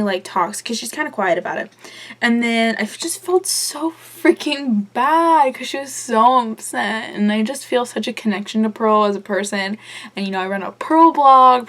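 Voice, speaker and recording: A young woman recapping a reality show episode as a fan, gushing, rambling and swearing a lot. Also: a little high. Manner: rambling with many fillers and asides. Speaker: vlogger reviewing a reality show. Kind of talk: casual fan recap vlog.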